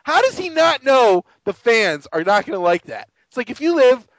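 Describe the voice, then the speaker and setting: High, lively man ranting sarcastically. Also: normal speed, no room sound, rough recording. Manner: exasperated, sarcastic ranting with mock-quoted voices. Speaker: podcast co-host. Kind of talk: casual sports podcast rant.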